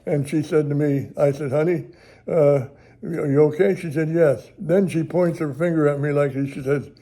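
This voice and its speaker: An older American man who hosts a ministry television program tells a rambling story, chuckling as he goes and using folksy everyday grammar. His voice is slightly high, warm in tone, at a normal speed.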